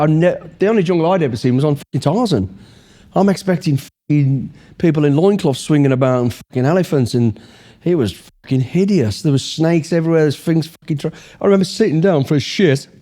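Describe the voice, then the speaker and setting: A middle-aged man from Britain rattles off blunt, swear-laden anecdotes as an interview guest. His voice sits a little high but sounds mellow and relaxed, and the delivery is loose and unscripted. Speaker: guest, former special forces soldier. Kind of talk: casual storytelling interview.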